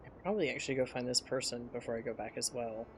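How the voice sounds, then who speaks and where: A male streamer talks his way through a game in an easy, rambling manner, musing aloud as he goes. Clear hoofbeats and game ambience run loudly beneath his voice. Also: medium pitch, very fast, a little hiss or hum. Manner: rambling, thinking aloud while playing. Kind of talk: casual live gameplay commentary.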